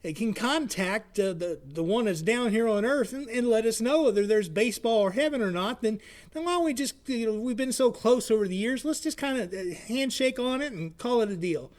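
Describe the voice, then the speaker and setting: A man voicing an aging male softball player, folksy and earnest, stumbling and repeating his words. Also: very high-pitched, animated, fairly quick.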